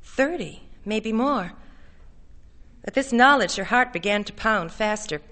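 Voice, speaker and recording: A woman giving a measured, steady reading of a literary short story. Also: on the high side. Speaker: reader.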